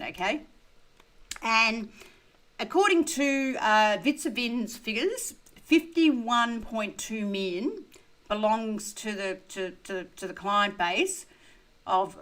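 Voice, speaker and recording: With a medium-pitched, slightly bright voice, this older crypto streamer reads out viewer questions in blunt, chatty fashion, often saying "you know" and "right?". She's drinking beer and sounds tired and thirsty, and the recording is rough.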